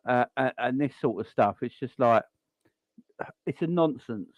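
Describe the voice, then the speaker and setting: A man with a South London accent hosts a casual football live stream. He sounds blunt and opinionated and circles back to the same points. His voice sits at a middle pitch and is recorded dry, with no room sound. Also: unhurried, no echo. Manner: blunt, opinionated, repeats himself. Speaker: host of a football call-in stream.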